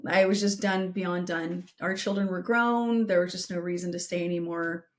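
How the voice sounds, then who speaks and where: A middle-aged podcast co-host gives direct advice and earnestly tells a painful personal story, slowing down for emphasis. Her voice is fairly low in pitch with a steady tone.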